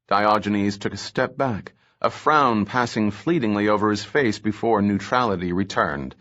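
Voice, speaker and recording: Man, low and slow, steady thriller narration, muffled sound. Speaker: audiobook narrator. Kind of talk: scripted narration.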